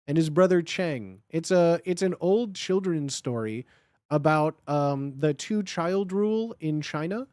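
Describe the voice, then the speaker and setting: Guy chatting on a stream, kinda high voice, rambles a ton, dry sound. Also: animated, a little mellow, dry recording. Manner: rambling, with lots of filler words, and quick laughs. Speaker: guest on a livestream. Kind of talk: casual chat.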